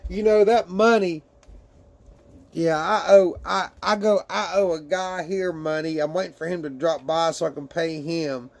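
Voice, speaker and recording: A man's voice: a little high, fairly even intonation, measured pace, vocal fry, a little hiss or hum. A man casually chatting with his livestream viewers and reading their messages aloud, laughing often and swearing freely.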